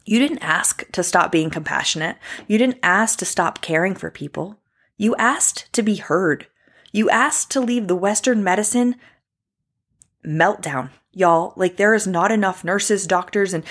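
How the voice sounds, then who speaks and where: A woman's voice: mid-range voice, moderate pace. A woman in her thirties, a traveling ultrasound tech, talking straight to her viewers in a personal vlog, impassioned and emphatic.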